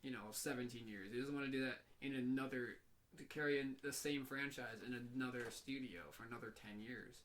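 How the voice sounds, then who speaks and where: A young man co-hosts a podcast, chatting casually and often trailing off mid-sentence. His medium-pitched voice is steady, fairly quick and a bit bright, with faint background noise.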